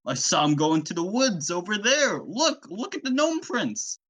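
A man voicing an excitable, loud male fisherman in a high, drawn-out comedic voice. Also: heavily acted. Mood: frantic. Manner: high-pitched, slow and drawn-out. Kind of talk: comedy podcast skit.

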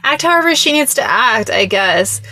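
A woman's voice: on the high side, big pitch swings, moderate pace, bright, forceful tone, dry recording. A young woman hosting a podcast, chatting casually and laughing, with many fillers. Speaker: podcast host. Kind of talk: casual chat about a film.

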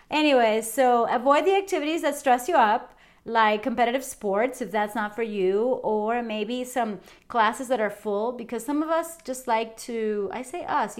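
A middle-aged woman hosting a fitness podcast, talking casually and cheerfully straight to her listeners. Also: fairly high pitch. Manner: chatty, upbeat, addresses listeners directly. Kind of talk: casual wellness talk.

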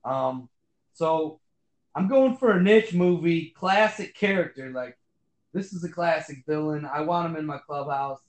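A man's voice: fairly high pitch, unhurried, reverberant, low-quality recording. A man co-hosting a casual podcast, rambling with lots of fillers and swearing. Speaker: podcast co-host. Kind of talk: casual chat.

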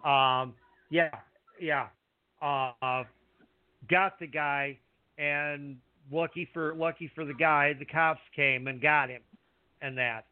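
A man's voice: on the high side, fairly even intonation, clean tone, no echo. Rambling man host on a tinny line. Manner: rambling, halting, with many fillers. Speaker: wrestling podcast host. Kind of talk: casual chat. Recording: dry tinny phone-like sound.

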